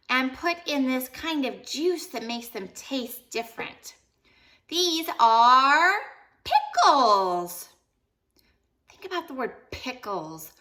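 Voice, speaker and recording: A young woman teaching young children phonics in a playful, animated sing-along lesson, singing short song lines between sounds. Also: sits high.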